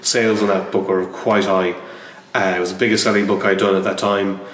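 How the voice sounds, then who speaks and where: A man's voice: deep voice, flat delivery, a little fast, a bit bright. A man, a comic book artist, talking casually in an interview, hesitant and full of restarts and fillers. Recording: roomy echo, distant mic, faint noise.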